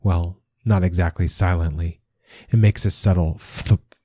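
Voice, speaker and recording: A man reading a short story aloud as narrator, in a calm, measured telling. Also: low voice, no echo, clean studio sound. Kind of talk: scripted narration.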